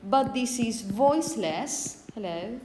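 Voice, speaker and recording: A phonetics teacher gives a classroom lecture in a fairly high, expressive voice, explaining slowly with lots of repetition and frequent "okay?" checks. The room is echoey with a long reverb and a faint hiss underneath.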